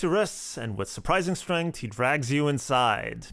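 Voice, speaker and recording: A man's voice: a little high, expressive, measured pace, a bit bright. A man hosting a let's play of a text game, reading the game text aloud and adding wry asides.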